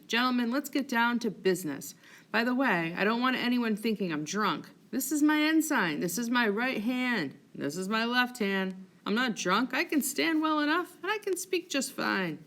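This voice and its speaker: A drunk, boastful young lieutenant, voiced by a woman reader. The voice rides high and loud with an overly emphatic, insistent swagger. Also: big pitch swings, normal speed. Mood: tipsy, insistent.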